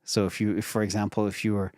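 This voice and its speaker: Fielding viewer questions live, a retired investing channel host gives loose, rambling explanations packed with "um"s, self-corrections and restarts. His lowish voice is level in tone, fast, and a little mellow, captured with a dry, close sound and no echo.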